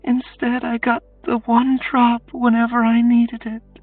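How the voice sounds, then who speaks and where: A woman voicing a weary young captive woman, speaking in a quiet, halting confession for an audiobook, over faint music. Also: fairly high pitch, completely flat delivery, no room sound. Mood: haunted. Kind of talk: audiobook character voice. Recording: distant tinny phone-like sound, faint music.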